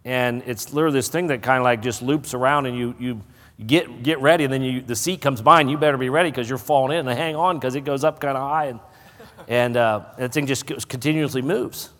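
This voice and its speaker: A middle-aged man preaching a sermon, telling a folksy personal story before rising into loud preaching. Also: medium pitch, brisk. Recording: hall reverb.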